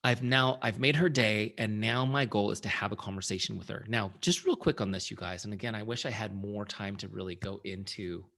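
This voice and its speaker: A middle-aged man with a low, gravelly voice leads a live sales training. He talks in a lively, conversational way and often checks that his audience is following. He sounds like a founder coaching his team. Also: brisk, hardly any pauses.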